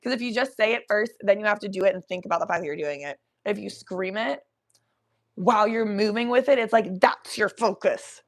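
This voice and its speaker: Animated, cursing young woman storyteller. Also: mid-range voice, brisk. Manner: animated, profane, laughing storyteller. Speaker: podcast host. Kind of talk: casual storytelling.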